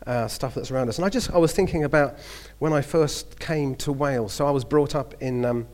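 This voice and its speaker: A man's voice: mid-range voice, brisk, a little mellow. A man in his fifties with a Cockney accent, preaching a sermon with lots of chatty stories, hesitations and restarts. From southeast London. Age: 50s.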